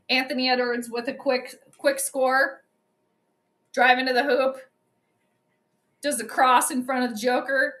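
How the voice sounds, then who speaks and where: A young woman hosting a livestream, giving chatty and excitable commentary on a basketball game straight to her viewers. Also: sits high, a little slow, long pauses. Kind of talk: casual live commentary.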